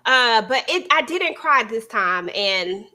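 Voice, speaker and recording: Chatty woman with a high bright voice. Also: takes it slowly. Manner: relaxed, chatty, stumbles over words. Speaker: panelist. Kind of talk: casual TV recap chat.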